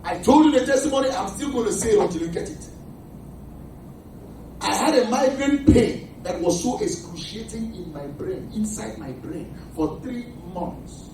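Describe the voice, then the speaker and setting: High, lively preaching man in echoey hall. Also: normal speed, distant mic, a little hiss or hum. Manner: emphatic preaching, quizzing the congregation. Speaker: pastor. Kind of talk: sermon. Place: church hall.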